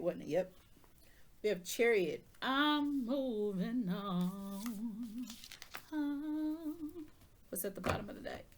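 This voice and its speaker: A woman's voice: on the low side, a little mellow. A woman giving a casual tarot reading, sassy and chatty, talking straight to the viewer in loose slang and asking if they understand. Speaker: tarot reader.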